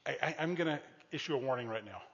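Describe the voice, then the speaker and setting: A man preaching a sermon, telling a story with animated, shouted exclamations and dropping to a soft tone for heartfelt appeals. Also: medium pitch, fast, long reverb tail, highs cut off. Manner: drops to a soft, intimate tone for appeals. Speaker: pastor.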